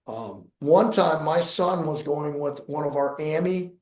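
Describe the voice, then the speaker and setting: Middle-aged male coach, slightly high voice, animated storyteller who acts out dialogue; roomy, echoey sound. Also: measured pace. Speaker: jiu-jitsu coach and podcast co-host. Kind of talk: casual storytelling.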